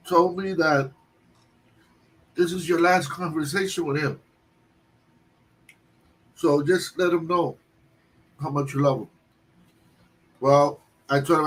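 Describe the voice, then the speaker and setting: A man telling a long personal story on a livestream, halting often and restarting his sentences. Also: fairly high pitch, fairly bright tone. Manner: halting, with many restarts and fillers. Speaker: guest storyteller. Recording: distant mic with faint background noise.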